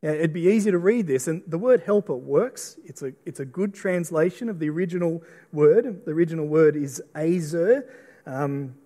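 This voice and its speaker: A middle-aged Australian man preaches a sermon with a slightly raised pitch. He speaks earnestly, often repeating and restarting his words. His voice carries the long reverb of a church hall. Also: moderate pace, dark tone. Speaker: pastor. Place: church auditorium.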